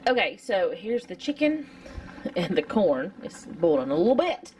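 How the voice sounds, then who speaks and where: Chatty middle-aged woman, lower voice. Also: sing-song, normal speed, darkish tone, slight background noise. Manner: rambling, chatty, many fillers. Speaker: home cooking vlogger. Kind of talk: casual cooking vlog chat. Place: home kitchen.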